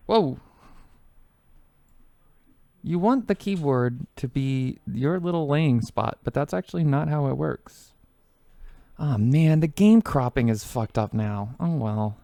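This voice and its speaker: A man's voice: medium pitch, lively intonation, takes it slowly, creaky, long pauses, dark tone, no room sound. A man streaming a game in casual chat, playful and rambling, swearing casually and talking to his cat. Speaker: gaming streamer. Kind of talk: casual let's-play chat.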